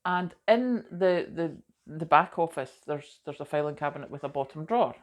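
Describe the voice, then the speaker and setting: A woman's voice: sits low, expressive, moderate pace. A middle-aged woman vlogging in a chatty, rambling way, self-deprecating and full of asides. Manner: chatty and rambling, self-deprecating, often says "do you know". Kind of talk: casual chat to camera.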